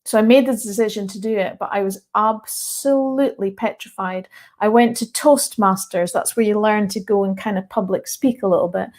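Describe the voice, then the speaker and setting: A Scottish woman working as a mindset coach tells viewers a personal story in a mid-range, slightly mellow voice at a moderate pace. She speaks earnestly and candidly, close to tears, with moments where she breaks into laughter.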